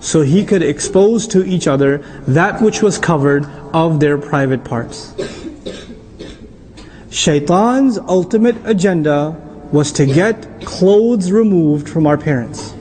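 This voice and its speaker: A middle-aged man giving an animated religious lecture as an Islamic teacher, often quizzing his audience. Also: fairly high pitch, takes it slowly.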